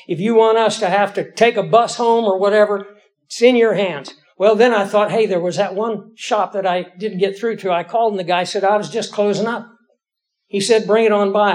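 A middle-aged male pastor with a high-pitched voice preaches a storytelling sermon from his own life. He keeps it folksy and conversational, pokes fun at himself, and talks to the congregation as if chatting with friends.

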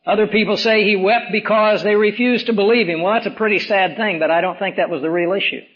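A man preaching a sermon as pastor, hoarse from swollen tonsils, with emphatic rises and slow, dramatic drops. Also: high voice, fairly even intonation. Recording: dull lo-fi recording.

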